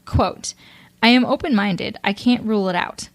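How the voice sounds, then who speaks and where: A woman's voice: medium pitch, moderate pace, no echo. Laughing young woman reading case notes. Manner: reads from notes, laughs often, loosened by whiskey. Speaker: podcast co-host presenting the case. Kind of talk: casual true-crime podcast chat.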